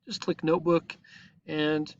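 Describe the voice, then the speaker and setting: A man's voice: on the high side, flat delivery, measured pace, highs cut off. A male teacher patiently walks his students through an online lesson, checking in with frequent "okay?" as he explains each step. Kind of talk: recorded online lesson walkthrough. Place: at a computer, screen recording.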